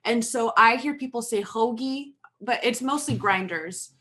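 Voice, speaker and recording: A woman's voice: a little high, measured pace, sharp tone. A woman co-hosting a podcast in casual chat, laughing and asking the others questions. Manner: chatty, laughs often, asks the others questions. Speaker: podcast co-host.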